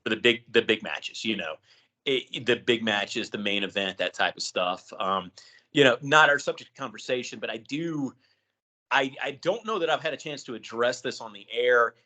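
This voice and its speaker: A man's voice: medium pitch, lively intonation, moderate pace, sharp tone. A man co-hosting a wrestling podcast, talking casually and hesitantly, restarting phrases with um and you know. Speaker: podcast co-host.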